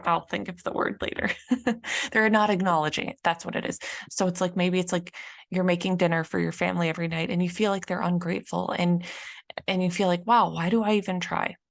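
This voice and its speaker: Chatty woman with a gravelly low voice. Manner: chatty, many fillers, acts out frustrated quotes. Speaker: podcast host and business coach. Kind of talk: casual solo podcast talk.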